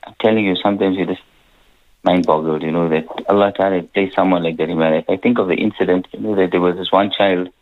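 A man speaking earnestly and warmly about his father as a guest on a radio interview, with many "you know" restarts. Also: low voice, steady tone, quick pace. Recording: tinny radio phone line.

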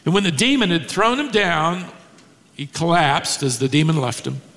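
A man's voice: on the high side, moderate pace, a bit bright. A man preaching an expository sermon, teaching with emphasis, rhetorical questions and repeated key words. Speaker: pastor. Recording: long hall reverb.

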